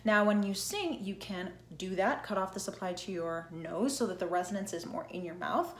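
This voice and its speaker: A woman's voice: medium pitch, moderate pace, echoey room. A woman teaching an online singing lesson, explaining plainly, checking in often with "okay?" and singing short demonstration notes. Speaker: singing coach.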